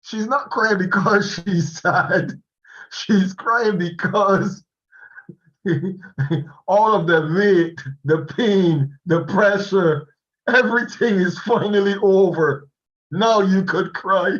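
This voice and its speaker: Slow, animated man on a muffled video call. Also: high voice. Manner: slow, animated, laughs often. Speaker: speaker addressing an online class. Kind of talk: motivational talk on a video call.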